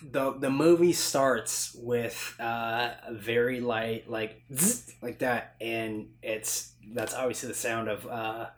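A man in casual conversation, retelling a film scene at length in a loose, rambling way. His pitch sits in a plain middle range. Faint hiss sits under the voice. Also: slow pace, hardly any pauses. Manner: rambling, animated retelling with acted-out quotes. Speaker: podcast co-host. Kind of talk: casual chat about movies.

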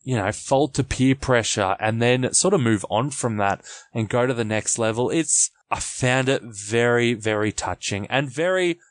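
A man's voice: mid-range voice, normal speed, hardly any pauses, no echo. A man co-hosting a podcast, chatting casually about a film and acting out quotes in a raised voice. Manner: animated, acts out quotes in raised voice. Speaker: podcast co-host. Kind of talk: casual film review chat.

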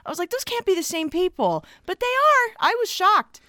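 Woman, podcast co-host, high voice, casual chat, dry close sound. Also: big pitch swings, normal speed, pushed and bright, dry recording. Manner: giggly and enthusiastic.

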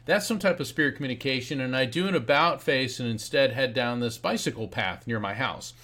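A man in a podcast interview, telling a spirited story with a voice that leaps high and drops low as he acts out each person he quotes. His pitch sits in the middle for a man, and he laughs now and then as he speaks. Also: fairly quick, pushed and bright. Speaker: guest author and psychic medium.

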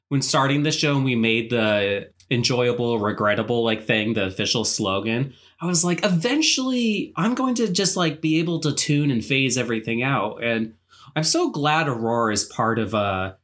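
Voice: mid-range voice, moderate pace, a bit bright. A podcast co-host talking casually and joking with friends. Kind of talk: casual comedy podcast chat.

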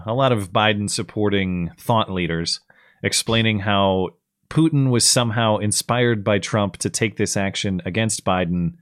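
Man, call-in show host, low voice, dry close sound, casual and halting. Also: no room sound. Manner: casual, hesitant, halting restarts. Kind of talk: live call-in show talk.

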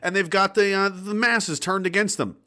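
A man's voice: high-pitched, fairly even intonation, normal speed, sharp tone. A man hosting a show, reading out chat and ranting with sarcasm, often stopping and restarting. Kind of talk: ranting livestream commentary.

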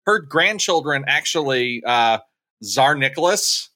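A man's voice: medium pitch, expressive, a little slow, pushed and bright. A man co-hosting a casual chat, telling a history story in a wry way and laughing often. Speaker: podcast co-host.

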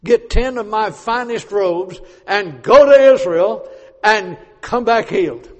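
A preacher voicing a loud, commanding old king. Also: high voice, takes it slowly, in a large hall, lo-fi sound, pitched above the performer's own voice. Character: commanding ancient king sending off his captain.

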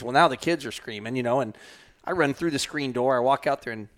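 This hunting guide tells a long podcast story in a fast, medium-pitched voice that's a bit bright. He rambles casually, restarting and using filler words a lot while laughing frequently.

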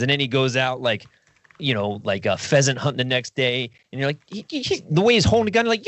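A man talking casually on a podcast, rambling and profane, jumping into quick impressions of other people. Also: medium pitch, expressive, fairly bright tone, no echo. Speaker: podcast guest.

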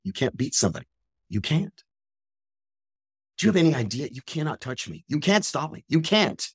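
A middle-aged man hosting a podcast, giving an intense, profane, confrontational motivational monologue that rises into loud ranting. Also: on the high side, sing-song, normal speed, pauses often, breathy edge, no room sound, clean studio sound. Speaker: podcast host.

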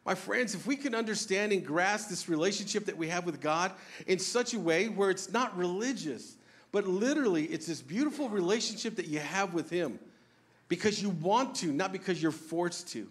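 Male pastor with a high voice, earnest conversational sermon, self-deprecating asides. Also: lively intonation, moderate pace. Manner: earnest, conversational preaching with rhetorical questions.

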